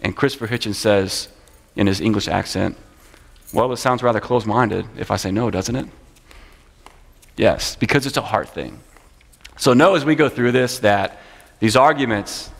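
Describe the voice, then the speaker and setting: A man teaching a church class, speaking in an earnest, conversational way and often repeating phrases. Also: lowish voice. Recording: long church hall reverb.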